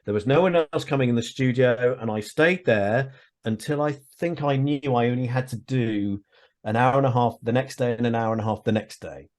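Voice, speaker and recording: A man's voice: medium pitch, moderate pace. Male guest, casual video-call chat, rambling and wry, self-interrupting. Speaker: guest, actor and audiobook narrator. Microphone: headphones on a video call.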